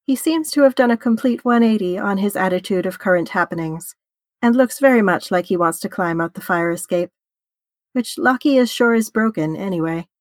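A woman's voice: mid-range voice, animated, a little fast, dry recording. Brief: woman narrator, wry conversational audiobook read, close dry mic. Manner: wry, conversational storytelling with casual swearing. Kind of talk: audiobook fan fiction reading.

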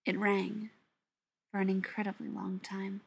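A woman reading a story aloud in a soft, often half-whispered voice. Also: mid-range voice, monotone, a little slow, creaky, husky. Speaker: narrator. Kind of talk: audiobook narration.

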